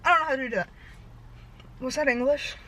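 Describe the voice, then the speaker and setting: A young woman vlogger telling a rambling story fast and out of breath, laughing at herself. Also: high-pitched, pushed and bright, a little hiss or hum, low-quality recording. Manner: breathless, fast-talking, self-deprecating.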